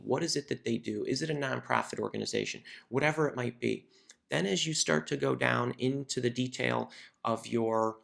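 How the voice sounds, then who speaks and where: This career coach and video host has a mid-range, creaky voice. Speaking to camera, he teaches conversationally and tends to repeat words as he works through his thoughts.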